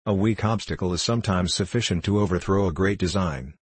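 A man narrating a classic novel in a measured, formal storytelling manner. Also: sits low, husky, no room sound. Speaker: audiobook narrator.

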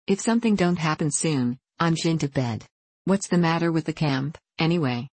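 Bored, blunt saloon girl, read by a woman, flat and drowsy, very low voice, dry. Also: normal speed, dry recording.

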